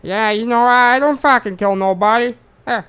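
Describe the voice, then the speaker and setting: A man's voice: extremely high pitch, normal speed, fairly bright tone, clear, resonant tone, voice pushed up. A man doing a brash male serial killer, trying for a New York accent, with a cocky, swaggering denial. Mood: breezy denial. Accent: attempted New York.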